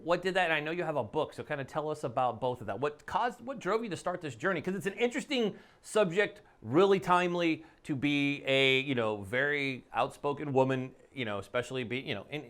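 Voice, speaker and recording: A man's voice: a little high, expressive, brisk, few pauses, fairly bright tone. A middle-aged man hosting an interview, chatty and joking, rambling with restarts. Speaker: podcast host. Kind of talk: casual interview chat.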